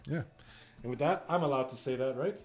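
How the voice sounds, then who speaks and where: A Canadian man chats loosely to viewers as he hosts a trivia live stream. His voice sits at an ordinary middle pitch and often drops off toward a mumble at the ends of thoughts. Faint music plays underneath. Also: a little fast. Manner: chatty, rambling, often trailing off quietly. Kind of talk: casual live stream chat.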